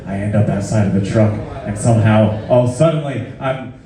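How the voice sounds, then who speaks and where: A man's voice: lowish voice, moderate pace. Man, live stage storyteller, self-mocking, profane, far from mic, echoey hall. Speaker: folk musician telling a story on stage. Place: live venue with audience. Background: crowd laughing.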